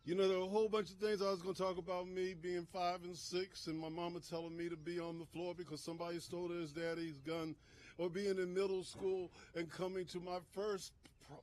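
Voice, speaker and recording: High-voiced impassioned male minister. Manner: impassioned, rising to shouts and dropping low. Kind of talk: emotional speech at a press conference. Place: outdoors at a press conference.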